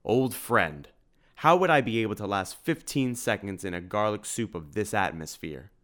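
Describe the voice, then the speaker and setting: A man's voice: on the low side, expressive, moderate pace, fairly bright tone. A man voicing a noble male vampire hunter hero who speaks in a formal, old-fashioned way, in a storybook reading. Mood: courtly.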